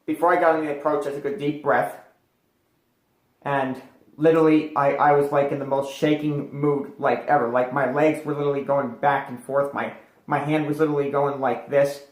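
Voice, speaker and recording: A man's voice: a little high, echoey room. A man telling a personal story as an interview guest, rambling with many fillers and restarts.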